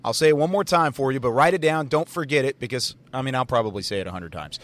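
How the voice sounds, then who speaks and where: A man's voice: mid-range voice, quick pace, hardly any pauses, a bit bright. Upbeat man hosting a live sports podcast. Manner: upbeat, laughs often, repeats info for listeners. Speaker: podcast host. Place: on-site desk at a football training camp.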